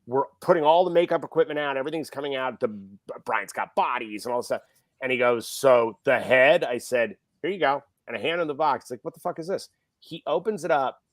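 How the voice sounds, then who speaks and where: Man, middle-aged, film director guest, animated storytelling, dry sound. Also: medium pitch, quick pace, no room sound. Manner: animated, acts out quoted people. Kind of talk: casual storytelling.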